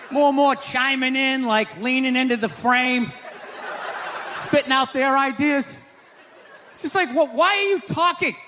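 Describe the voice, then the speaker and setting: A man doing a stand-up routine in a sarcastic, ranting way, shouting his punchlines. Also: very high voice. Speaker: stand-up comedian. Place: live comedy stage. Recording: live stage with crowd and noise. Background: audience laughter.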